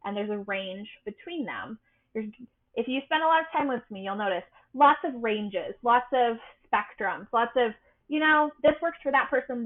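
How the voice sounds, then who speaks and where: A woman coach explains things in a bright, bubbly, sing-song voice as a podcast guest. Her voice sits fairly high. The sound is thin and tinny, like a phone line. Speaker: boundary life coach.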